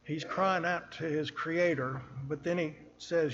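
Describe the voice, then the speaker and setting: Slow, earnest male preacher in a reverberant church. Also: a little high, fairly bright tone, highs cut off. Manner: earnest, slow and emphatic, rising on scripture. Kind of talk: sermon. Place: church sanctuary at a pulpit.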